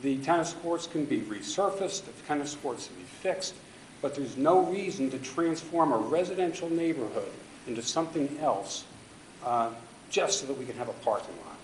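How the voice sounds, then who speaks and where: A man's voice: mid-range voice, animated, normal speed, slight background noise. A man giving public comment at a city council meeting, pressing pointed objections with emphasis. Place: council chamber. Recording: echoey council chamber.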